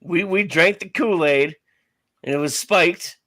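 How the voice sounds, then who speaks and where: A man co-hosting a casual sports podcast with a gravelly voice, chiming in with teasing jokes. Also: high-pitched, measured pace, pushed and bright, dry recording, clean studio sound. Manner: joking, teasing interjections. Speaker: podcast co-host.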